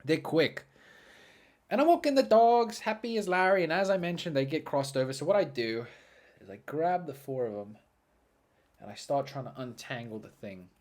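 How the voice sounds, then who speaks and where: A man hosting a podcast who tells a story casually and animatedly, jumping from loud excited bursts to quiet muttering. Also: mid-range voice, moderate pace. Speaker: podcast host.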